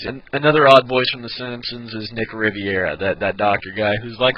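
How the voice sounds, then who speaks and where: Bright-voiced man teaching impressions. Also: medium pitch, brisk, few pauses, dry recording, low-quality recording. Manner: demonstrating, frequent restarts. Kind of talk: casual tutorial.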